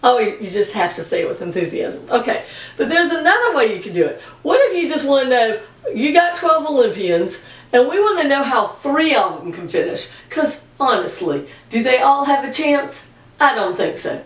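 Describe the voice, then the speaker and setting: A woman's voice: high voice, very animated, normal speed, distant mic. A woman math teacher giving a recorded video lesson, chatty and plain-spoken with jokey asides. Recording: echoey room, voice from off-mic.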